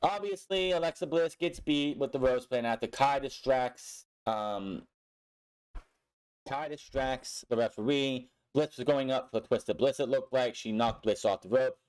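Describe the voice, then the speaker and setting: A man's voice: medium pitch, a little slow, a little mellow, clean tone. A young man recapping a wrestling show in a casual, blunt way, swearing often and sounding frustrated with the booking.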